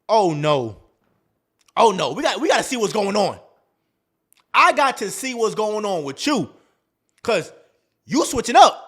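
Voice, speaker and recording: A man's voice: high-pitched, very animated, unhurried, long pauses, a bit bright, husky. A man hosting a dating advice talk, in a casual, slangy monologue that acts out quoted lines.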